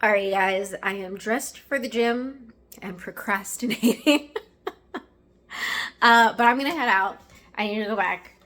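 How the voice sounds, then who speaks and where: A woman's voice: medium pitch, a little slow, fairly bright tone. A woman hosting a casual vlog, chatting to viewers in a rambling, friendly way and calling them y'all and guys. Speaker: vlog host. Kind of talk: casual vlog chat to camera.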